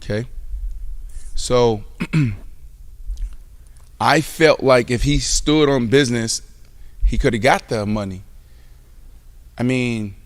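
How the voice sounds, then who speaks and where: Male sports show host, mid-pitch voice, casual slang, playful loud rants. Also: slow pace, long pauses, dry recording. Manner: animated, loud rant with mock outrage; casual slang, talks to the live chat.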